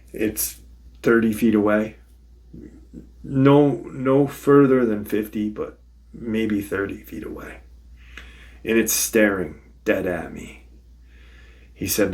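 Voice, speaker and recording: With a fairly low voice, the host of a paranormal podcast channel recounts a witness's encounter as if in first person, keeping it casual, cursing freely and saying "he said" over and over.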